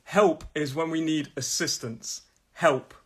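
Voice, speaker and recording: A middle-aged man from England, a pronunciation teacher in a live lesson, chatty and repeating words slowly as his voice starts to go. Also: a little high, breathy edge. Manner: chatty, repeats each word slowly, laughs at own jokes. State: losing his voice.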